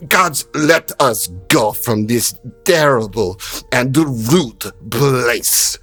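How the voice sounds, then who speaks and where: A man's voice: mid-range voice, animated, extremely slow, faint music behind, voice pushed up, exaggerated voice. Man playing an outraged female commander. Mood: haughty. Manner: indignant, loud and commanding. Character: stern proud female military commander.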